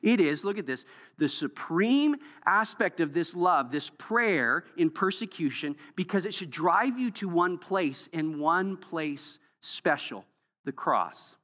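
A pastor delivering a sermon with emphatic delivery that swings from hushed to loud, recorded in a church sanctuary. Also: mid-range voice, animated, slow. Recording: long hall reverb.

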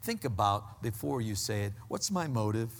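A man preaching a sermon, slowing down to stress his points and dropping to a hushed, low voice for emphasis. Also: sing-song, in a large hall. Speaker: pastor.

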